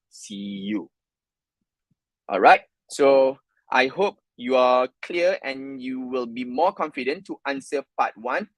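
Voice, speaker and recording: A man's voice: medium pitch, no echo, low-quality recording. A man teaching a live online writing lesson, explaining tasks step by step. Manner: explanatory, walks through examples step by step. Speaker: English teacher.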